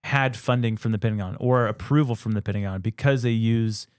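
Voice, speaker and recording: A man's voice: fairly low pitch, fairly quick, clean tone, no echo, clean studio sound. A man co-hosting a podcast, speculating and teasing in casual chat. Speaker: podcast co-host.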